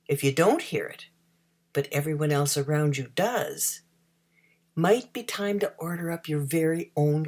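Wry low-voiced woman radio host. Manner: wry, playful. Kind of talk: host commentary.

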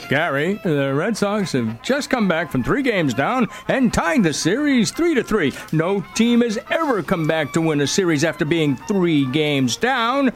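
A man's voice: sits high, very animated, measured pace, few pauses, soft background music. A man playing an eager sports reporter pressing with questions in a comedy radio sketch.

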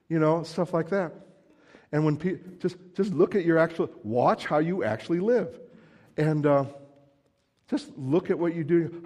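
A man preaching a sermon in a relaxed, conversational way, joking with the congregation and acting out everyday quotes. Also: a little high, a little slow. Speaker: pastor. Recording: long hall reverb.

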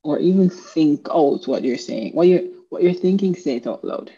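A podcast host speaking slowly and reflectively in casual conversation, sometimes losing the thread. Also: mid-range voice, mellow, husky. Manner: slow, reflective, loses the thread at times. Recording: dull lo-fi sound.

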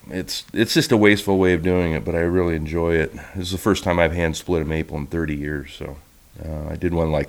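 A man who makes violins gives a relaxed, rambling talk over slides, with many restarts. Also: sits low. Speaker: violin maker giving a talk.

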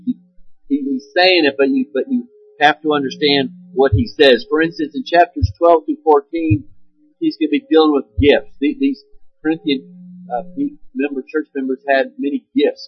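A man's voice: a little high, fairly even intonation, normal speed, highs cut off, faint music behind. A man preaching a sermon, explaining scripture in an earnest way with fillers and restarts. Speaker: pastor.

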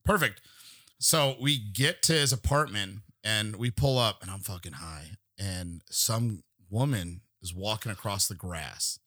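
A man's voice: lowish voice, unhurried, bright, forceful tone, no room sound, clean studio sound. A man as a podcast guest, telling a rambling, profane story and laughing through it. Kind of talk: casual storytelling.

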